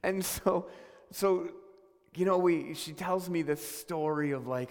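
High-voiced male preacher in reverberant hall. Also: measured pace. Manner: earnest, questioning, with many restarts. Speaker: pastor. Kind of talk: sermon.

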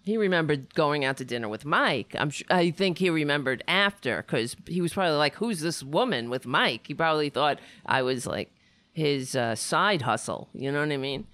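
Low-pitched and expressive, a woman talks at a normal speed in a fairly bright tone, with no echo. She's hosting a casual livestream chat, rambling, swearing a lot, and putting herself down in a self-deprecating way.

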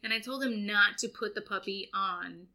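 Brief: thirties woman co-host, bright voice, profane and deadpan-joking. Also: mid-range voice, moderate pace. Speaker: podcast co-host. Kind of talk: casual chat.

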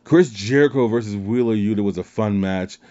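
Man, podcast host, casual chat, swears freely, mellow, dull lo-fi recording. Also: on the low side, fairly quick. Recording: dull lo-fi sound.

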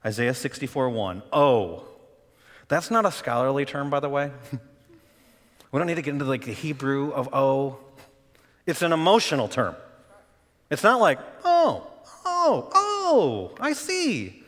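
A man preaching a sermon as pastor, talking conversationally and then rising to loud, emotional cries. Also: medium pitch, lively intonation, normal speed, long pauses, long reverb tail.

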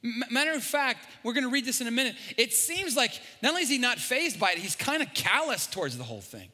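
A man preaching a sermon as pastor, animated and jokey, stumbling and repeating words. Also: very high-pitched, fast. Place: large church hall. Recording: long hall reverb.

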